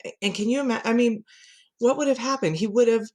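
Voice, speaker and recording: A middle-aged woman, a communication coach, chatting as a podcast guest and telling animated stories with frequent laughter. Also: a little high, quick pace. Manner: lively storyteller who laughs often and acts out quotes. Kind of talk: conversational podcast interview.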